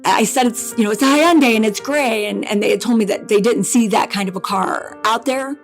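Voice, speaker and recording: A middle-aged woman telling a painful personal story as an interview guest, halting and grief-laden, often restarting her sentences. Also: a little high, faint music behind. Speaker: interview guest, bereaved mother.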